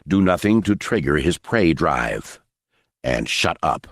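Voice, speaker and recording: A male narrator voicing a calm, stern general who speaks in clipped, controlled orders. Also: very deep voice, takes it slowly, dry recording, clean studio sound, full character voice.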